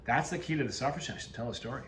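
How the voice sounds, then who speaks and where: A man hosting his video channel rambles through a story to camera, cutting himself off mid-sentence. His mid-range voice comes fast, in a reverberant recording with slight hiss or hum.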